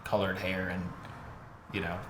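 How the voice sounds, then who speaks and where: A man's voice: deep voice, completely flat delivery, unhurried, a bit bright. A young man co-hosting a podcast, chatting casually with lots of filler words and casual swearing. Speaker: podcast co-host. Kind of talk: casual chat. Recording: echoey room with faint noise.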